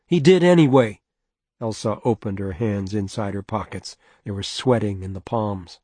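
Husky-voiced man reading a novel aloud. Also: on the low side, level tone, normal speed, a little mellow, dry recording. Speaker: audiobook narrator. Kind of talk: scripted narration.

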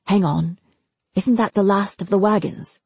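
A woman's voice: medium pitch, a little slow, a little mellow, slightly rough, dry recording. A woman voicing a tense, impatient young nobleman in a storybook, speaking tersely and demanding answers. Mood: uneasy.

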